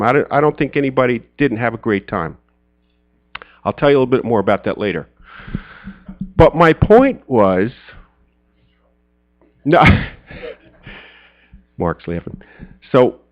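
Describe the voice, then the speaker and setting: A middle-aged man telling a personal story as a speaker at a men's church gathering. He is an animated storyteller who acts out friends' lines in a high, excited voice. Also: highs cut off. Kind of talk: storytelling sermon.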